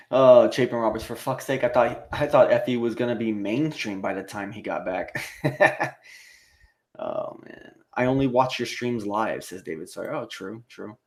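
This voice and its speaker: A man's voice: mid-range voice, lively intonation, unhurried, gravelly. An American man hosting a live stream, reading out viewer comments and reacting in profane, rambling casual talk, with frequent laughter. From United States.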